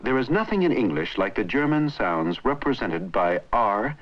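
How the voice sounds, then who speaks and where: A man giving measured, scripted narration for an old educational film on language. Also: lowish voice, big pitch swings. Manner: measured, explanatory. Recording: dull lo-fi old film soundtrack.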